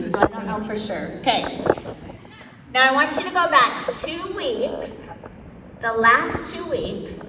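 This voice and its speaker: A woman giving an energetic motivational talk at a sales event, quizzing the audience and acting out her own past self. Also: fairly high pitch. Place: large event hall. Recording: echoey hall from far off, faint noise.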